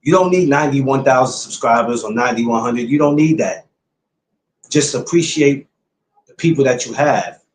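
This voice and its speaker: A man's voice: medium pitch, normal speed, echoey room. A man hosting his podcast, talking casually and bluntly to his viewers, repeating his points like a lecture. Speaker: podcast host. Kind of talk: casual livestream talk to viewers.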